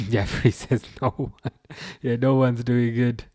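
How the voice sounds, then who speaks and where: A man's voice: medium pitch, level tone, takes it slowly, dark tone, dry recording, studio quality. A man hosting a football livestream, chatting casually, chuckling wryly and answering comments from chat. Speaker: livestream host.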